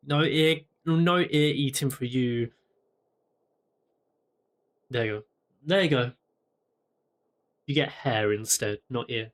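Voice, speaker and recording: A man streaming a video game, chatting playfully and teasing in-game characters, often repeating himself. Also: on the high side. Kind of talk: casual gameplay stream chat.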